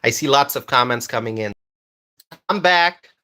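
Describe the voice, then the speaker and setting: A man's voice: mid-range voice, animated, normal speed, pushed and bright. A man hosting a casual political commentary live stream, repeating his points with emphasis and reading viewer comments aloud.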